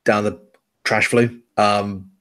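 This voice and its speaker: Give me a man playing a blunt, foul-mouthed drug contact with a lowish voice. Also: level tone, slow, pushed and bright. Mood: gruff, blunt. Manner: crude, swearing, matter-of-fact.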